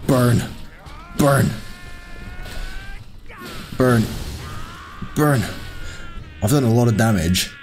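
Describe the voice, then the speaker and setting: A young man giving excitable, swearing commentary while playing a game, yelling at enemies. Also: mid-range voice, drawn-out words, long pauses, faint music behind. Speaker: gaming YouTuber. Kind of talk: live gameplay commentary.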